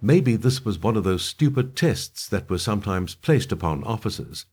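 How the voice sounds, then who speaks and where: A man reading a thriller aloud in steady, even storytelling narration. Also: lowish voice, moderate pace, husky.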